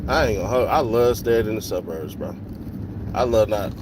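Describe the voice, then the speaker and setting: A man's voice: fairly low pitch, moderate pace, noisy background. A man vlogging from a car, telling stories in loose, profane slang. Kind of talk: casual chat while driving.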